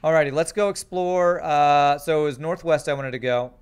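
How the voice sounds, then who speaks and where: A man's voice: fairly high pitch, steady tone, moderate pace, clean tone. Man musing through a game stream. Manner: thinks aloud, chats to viewers. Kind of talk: casual live-stream gameplay commentary.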